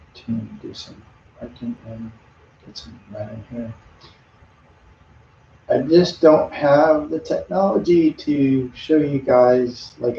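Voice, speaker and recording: A man's voice: medium pitch, vocal fry, dark tone, slight background noise. A middle-aged man chatting casually to viewers while painting on a live stream, rambling from thought to thought. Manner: rambling, chatty, talks to viewers between brushstrokes. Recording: dull lo-fi audio in an echoey room.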